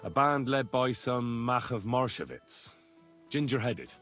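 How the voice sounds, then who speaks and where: An actor playing a young male hunter hero who asks direct, earnest questions in a steady way. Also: medium pitch, a little slow, faint music behind.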